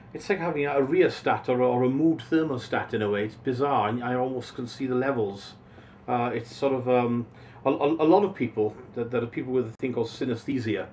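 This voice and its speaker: A male voice actor answering interview questions casually, lingering expressively over single words. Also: mid-range voice. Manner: expressive, savoring individual words. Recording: voice a bit distant from mic, faint noise.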